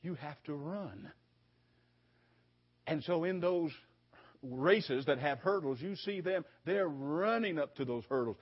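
Man, preacher, husky voice, higher pitch, emphatic sermon, repeats phrases, dull lo-fi recording. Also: takes it slowly, pauses often. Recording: dull lo-fi sound.

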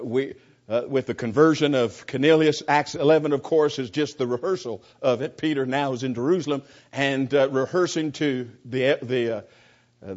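A man's voice: fairly high pitch, a little mellow. A man teaching a Bible class without a script, earnest and stumbling over repeated words as he goes. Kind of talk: unscripted Bible class lesson. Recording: dull lo-fi class recording.

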